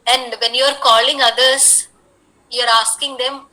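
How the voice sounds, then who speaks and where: A woman's voice: sits high, level tone, unhurried, pushed and bright, rough recording. A woman, earnestly coaching listeners through an online workshop talk, repeating key points as she goes. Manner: earnest, repetitive, coaxing. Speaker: workshop resource person. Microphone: computer mic on a video call.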